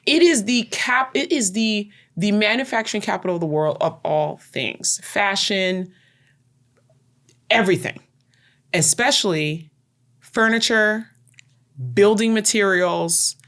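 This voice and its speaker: A woman co-hosting a podcast, telling stories in a lively, casual way and stretching words for emphasis. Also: medium pitch, a little slow, pauses often. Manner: animated storyteller, drawls words for emphasis. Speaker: podcast co-host. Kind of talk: casual chat.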